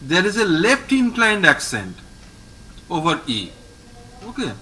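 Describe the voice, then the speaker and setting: A male French teacher with an Indian English accent, patiently repeating each word slowly for a student in an online class. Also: high voice, huge pitch swings, sharp tone, poor audio. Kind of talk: online language lesson. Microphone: video call.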